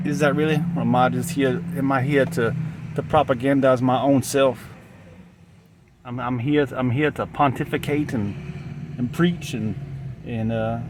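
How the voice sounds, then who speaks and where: A man's voice: mid-range voice, steady tone, noisy background. Loopy man rambling in fake Southern drawl. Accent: put-on Southern. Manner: halting, repetitive, full of restarts. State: sleep-deprived and loopy. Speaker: vlogger. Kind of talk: rambling monologue to camera. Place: outdoors in a parking lot.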